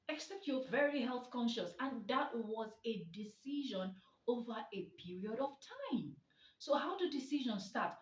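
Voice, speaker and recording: Woman doing a pep talk, punchy and a bit sarcastic, higher voice, echoey room, mic kinda far off. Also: lively intonation, moderate pace. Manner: emphatic and rhetorical, with mocking asides. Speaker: motivational speaker and therapist. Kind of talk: motivational talk. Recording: echoey, distant, dull sound.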